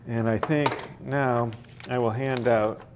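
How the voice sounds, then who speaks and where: A man leads a poetry workshop in a library room, speaking at an unhurried, slow pace. He hesitates and restarts often, with plenty of fillers, and reads verse aloud carefully, leaning on each stressed syllable. His voice sits at an ordinary, middle pitch. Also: fairly even intonation, noisy background. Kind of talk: classroom teaching and reading poems aloud.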